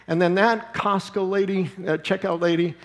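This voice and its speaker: A man preaching a sermon as pastor, animated and conversational, often slipping into quoted voices and chuckling. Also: high-pitched, normal speed, long reverb tail. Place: church sanctuary.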